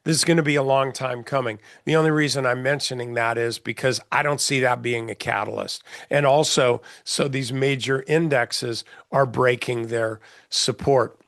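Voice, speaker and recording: A man's voice: mid-range voice, fairly even intonation, normal speed, hardly any pauses, fairly bright tone, no echo, clean studio sound. A middle-aged man, a trading mentor, giving blunt, folksy market commentary in a casual session, with many fillers and restarts.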